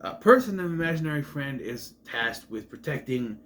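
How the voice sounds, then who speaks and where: Lively man rambling through a movie recap. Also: mid-range voice, moderate pace, a little hiss or hum. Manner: rambling, sidetracked, trails off into asides. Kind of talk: casual film recap commentary.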